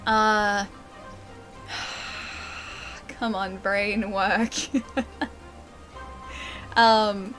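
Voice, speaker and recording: A woman's voice: medium pitch, little pitch movement, extremely slow, long pauses, a bit bright, soft background music. A young woman livestreaming a game, chatting casually and giggling as she reads her chat aloud. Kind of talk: casual live-stream chat.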